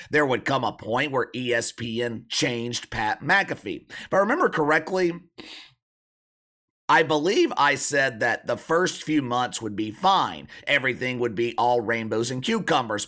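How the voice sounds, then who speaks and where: A sick man with a hoarse, croaky voice hosts a sports commentary monologue. His tone is bright and forceful in spite of the rasp. He is blunt and sarcastic as he gives his opinions. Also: medium pitch. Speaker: sports commentary channel host.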